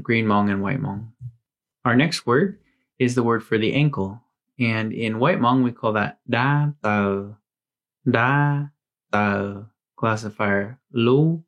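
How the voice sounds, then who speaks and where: A man giving a language lesson, patiently saying each word twice with careful pronunciation. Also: on the low side. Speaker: language teacher.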